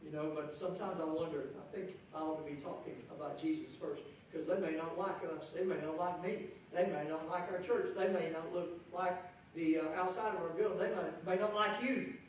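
A man preaching a sermon as pastor, lively, acting out the crowd's voices with a raised voice. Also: fairly high pitch, fairly quick, a little hiss or hum. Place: church sanctuary. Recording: echoey church hall from far off.

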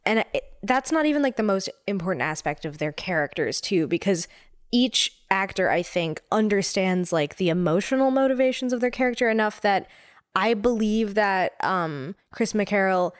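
A woman co-hosting a podcast in casual chat, talking quickly with lots of fillers and restarts. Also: mid-range voice, dry recording, studio quality. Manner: animated, talks fast with many fillers and restarts. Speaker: podcast co-host.

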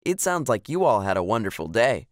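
A man's voice: fairly low pitch, sing-song, a little fast, no echo, clean studio sound. A man voicing an eager, curious little girl in a storybook reading. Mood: pleased. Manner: eager, asks many questions.

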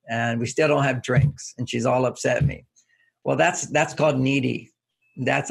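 A man with a medium-pitched, gravelly, husky voice speaks at a moderate pace in a steady tone. He's a relationship author appearing as a guest in a relaxed interview, laying out his ideas through homely anecdotes and chuckling along the way.

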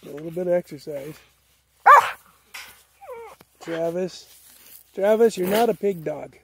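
A man with a high-set voice and a gravelly edge talks casually while working with animals in an outdoor farm pen. He coaxes and chats with his pig and dog in a relaxed way. A faint hiss of noise sits behind him. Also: unhurried. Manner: coaxing and chatty with the animals. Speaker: pig raiser.

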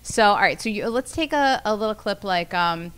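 A woman's voice: mid-range voice, expressive, normal speed, a bit bright, clean tone. A woman hosting a podcast interview, asking encouraging follow-up questions. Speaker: podcast host. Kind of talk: casual interview. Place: comedy club.

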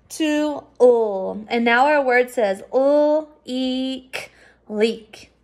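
A woman with a high voice leads a recorded phonics lesson for young children. She talks slowly and patiently and breaks each word into its sounds. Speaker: teacher.

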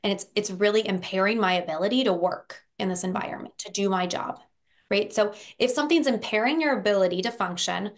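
A woman therapist talking through a case on a podcast. She explains with vivid examples and briefly acts out the people in them. She keeps checking in with "right?" as she goes. Her voice sits at a middle pitch. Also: brisk. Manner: animated storyteller, acts out quoted voices with frequent "right?". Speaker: therapist guest.

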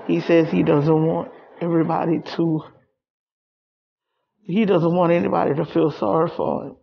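A middle-aged woman, crying as she talks haltingly in a personal vlog. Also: on the low side, level tone, vocal fry, breathy edge, highs cut off. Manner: tearful, halting, repeats herself. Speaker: vlogger.

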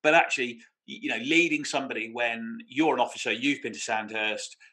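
A man's voice: medium pitch, fairly quick, pushed and bright, rough recording. A middle-aged British man co-hosting a podcast, telling stories with laughter and imitations. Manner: storytelling with laughs and mimicry. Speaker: podcast co-host. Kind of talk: casual anecdotal chat.

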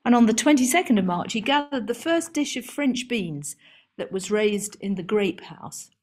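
A woman's voice: a little high, expressive, moderate pace, a little mellow. A woman garden historian giving a seminar talk to a room and online audience, chatty and amused, reading out lists with frequent ums and restarts.

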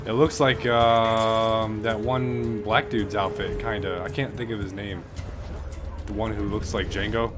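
A man's voice: on the low side, level tone, unhurried, loud music behind the voice. A man giving casual gameplay commentary, joking and swearing in slangy talk. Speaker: gaming commentator. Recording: game sounds under voice.

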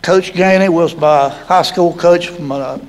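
An older man with a Southern American drawl, his voice sitting high for a man. He spins old stories in a folksy, chuckling way, like an honoree sharing memories. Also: a little slow, poor audio. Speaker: hall of fame inductee. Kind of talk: storytelling interview.

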